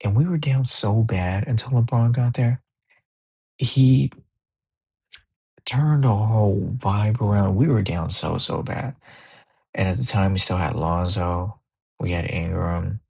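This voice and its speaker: A young man hosting a casual podcast, telling sports stories in a loose, profane, animated way. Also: lowish voice, measured pace, gravelly, long pauses, husky. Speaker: podcast host. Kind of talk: casual monologue.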